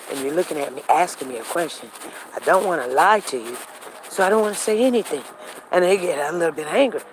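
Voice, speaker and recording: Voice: mid-range voice, slight background noise, low-quality recording. A show host telling a personal story in a casual, rambling way and acting out conversations. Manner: rambling with frequent restarts. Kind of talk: casual talk monologue.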